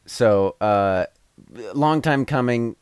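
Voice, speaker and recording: A man co-hosting a podcast in casual chat, wry and dry, often trailing off quietly. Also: mid-range voice, takes it slowly, clean tone, no room sound. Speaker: podcast co-host.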